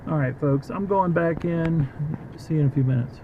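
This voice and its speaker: A man's voice: fairly high pitch, normal speed, muffled recording, noisy background. A man vlogging while he walks outdoors by a creek, rambling and joking with his viewers. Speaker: vlogger, treasure hunter. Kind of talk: casual walking vlog. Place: outdoors by a creek in a city park.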